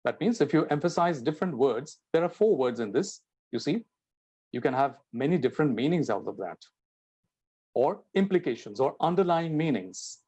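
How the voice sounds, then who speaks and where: A man's voice: on the high side, expressive, normal speed, dark tone, breathy edge, dull audio. A man giving a spoken English lesson, explaining and acting out example sentences with changing intonation and stress. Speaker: teacher.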